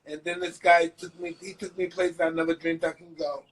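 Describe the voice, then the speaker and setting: A man chatting as a guest on a live phone video call, speaking haltingly, repeating himself and searching for words. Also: on the high side, level tone, rough recording. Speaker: guest, retired boxer. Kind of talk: casual chat.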